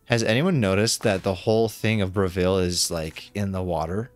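A man streaming a fantasy game, commenting casually in a goofy, excitable, playful way. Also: low voice, normal speed, few pauses, slight background noise. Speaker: gaming streamer. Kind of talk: casual let's-play commentary.

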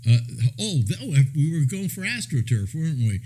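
Older storytelling man, lively and mellow. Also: fairly high pitch, normal speed, rough recording. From California. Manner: chuckling, meandering storyteller with many restarts. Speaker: radio host. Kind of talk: rambling anecdotal chat.

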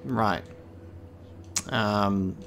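A man's voice: on the low side, very slow, a bit bright, slight background noise. A man doing casual let's-play commentary, chatty and joking, swearing when surprised. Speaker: gaming video host.

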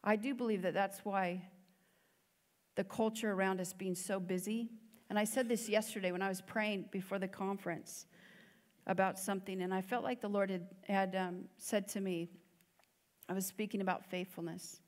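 A woman from the United States, speaking as a guest preacher in a church hall, gives an earnest, conversational sermon full of fillers. Her mid-range voice is steady in tone and moves at normal speed. Long church hall reverb surrounds the recording.

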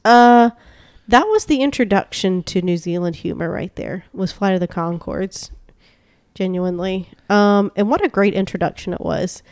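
A woman co-hosting a podcast, chatting casually with playful, quick comebacks. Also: medium pitch, a little mellow, clear, resonant tone, no room sound. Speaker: podcast co-host. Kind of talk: casual chat.

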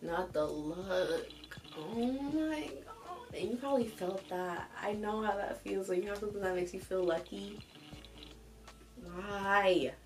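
A young woman hosting an advice show, reading a submitted story aloud and reacting to it with animated, profane commentary. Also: mid-range voice, a little slow, over music, poor audio. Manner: animated, swears freely, reacts loudly between read passages.

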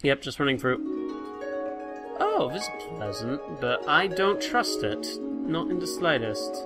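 A man's voice: a little high, sing-song, a little slow. A young man giving chatty, easily startled commentary while playing a game, talking to its figures. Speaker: gamer. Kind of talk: let's play commentary. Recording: faint piano music behind.

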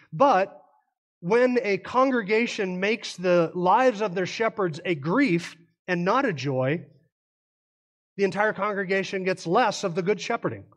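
A man preaches an expository sermon in a fairly high voice. He is earnest and careful, explaining words and correcting himself as he goes. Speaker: pastor.

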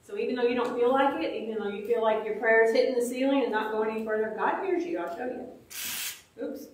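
A woman's voice: fairly high pitch, fast, a little hiss or hum. A woman teaching a children's Bible lesson, asking the kids questions and acting out little prayers in playful voices. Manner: lively, asks questions, acts out little prayers. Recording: echoey room, mic far off.

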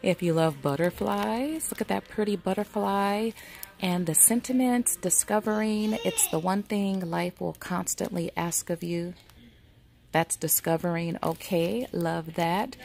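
A woman's voice: fairly low pitch, a little slow, creaky, darkish tone, a little hiss or hum. A middle-aged woman vlogging from a store aisle, chatting casually and reading product labels aloud to herself. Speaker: craft vlogger browsing a store. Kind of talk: casual shopping walkthrough. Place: indoor retail store aisle.

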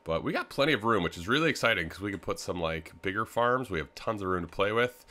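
A man's voice: fairly low pitch, animated, fast talker, sharp tone. A young man, rambling easily through casual game commentary with lots of filler words. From Canada. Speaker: gaming video host.

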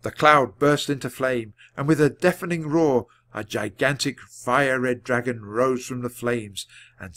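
A man's voice: mid-range voice, fairly bright tone. Man reading a storybook at natural pace. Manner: measured, clear reading at natural speed. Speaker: audiobook reader. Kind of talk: storybook narration read aloud.

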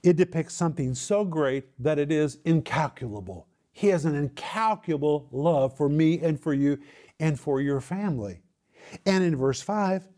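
Older man preaching, mellow and emphatic. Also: fairly high pitch. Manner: earnest, emphatic teaching with dramatic drops to a hush. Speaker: pastor teaching the Bible. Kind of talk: sermon.

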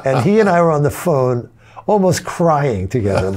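An older male guitarist, interviewed in casual chat, telling studio stories in an animated way, laughing along and acting out other people's lines. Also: fairly high pitch, normal speed. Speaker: guitarist guest.

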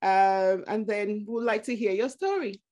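A woman hosting an interview podcast who introduces her guest in a measured, deliberate way. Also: mid-range voice, a little mellow. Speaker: podcast host.

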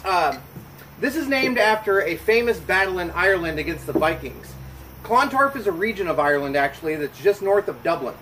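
A man hosting a casual whiskey review to camera at a home bar, relaxed and joking. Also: high-pitched, a little fast, slight background noise, low-quality recording. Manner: relaxed, joking, chatty with fillers. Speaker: whiskey reviewer, channel host.

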